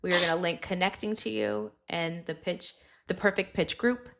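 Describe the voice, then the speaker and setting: A woman's voice: lowish voice, fairly even intonation, moderate pace, a bit bright, no room sound, clean studio sound. A woman hosting a podcast, upbeat and encouraging, wrapping up an interview and chatting to listeners. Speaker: podcast host.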